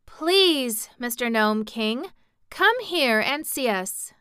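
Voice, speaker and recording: A plucky little girl speaks eagerly and politely in a bright, crisp voice. She is a brave storybook heroine, voiced by a woman reading aloud. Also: on the high side, lively intonation, takes it slowly, dry recording, clean studio sound, pitched above the performer's own voice, full character voice.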